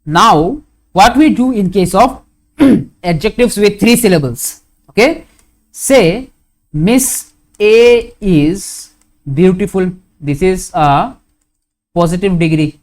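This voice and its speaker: A man with an Indian English accent teaching a grammar lesson, going slowly and repeating his examples, often asking a question and then answering it himself. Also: high voice, animated. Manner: slow, repetitive, asks questions and answers them.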